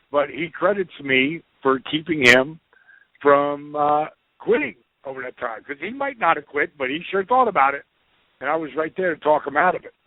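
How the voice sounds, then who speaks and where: A middle-aged man telling a story in a casual, profane, animated way, acting out the quotes. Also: a little high, dry recording. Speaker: podcast guest. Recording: tinny phone-like line, dry.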